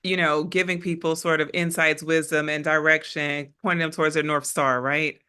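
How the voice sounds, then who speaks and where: A woman hosting a casual podcast, talking in a gushing, upbeat way. Her voice is bright and forward, with a clear ring. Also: sits low, little pitch movement, normal speed. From East Coast of the US. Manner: upbeat, effusive, laughs often. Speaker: podcast host.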